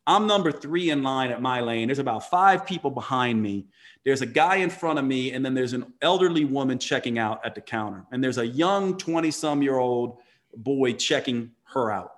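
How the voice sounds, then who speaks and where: A man's voice: mid-range voice, expressive, moderate pace. A man telling a motivational story in conversation, earnest and emphatic, often restarting his sentences.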